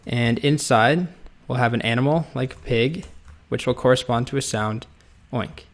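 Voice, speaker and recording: In this screen-recorded coding tutorial, a man with a mid-range voice talks a little slowly. He's relaxed, typing as he walks through the lesson step by step.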